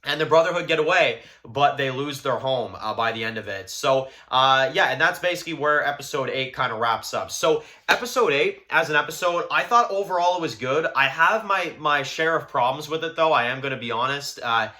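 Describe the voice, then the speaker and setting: Young male reviewer, bright tone, rambling casual delivery with exasperated asides. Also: mid-range voice, fairly quick, few pauses. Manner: rambling, filler-heavy, exasperated gripes. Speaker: show reviewer.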